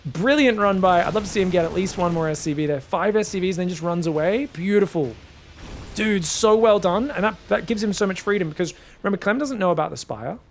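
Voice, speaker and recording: A man giving solo esports commentary in a chatty, joking way with excitable asides. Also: sits high, fast talker, slight background noise. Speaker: esports caster.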